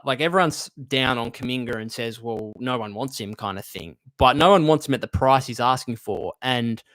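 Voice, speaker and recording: A man's voice: medium pitch, a bit bright. A man hosting a casual live stream, talking basketball and reading chat comments, emotional and chatty, thinking aloud with restarts.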